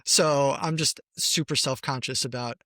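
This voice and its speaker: A man's voice: medium pitch, fairly even intonation, unhurried, pushed and bright, no echo, clean studio sound. A man co-hosting a podcast in casual chat, talkative and giggly, often trailing off mid-thought. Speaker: podcast co-host.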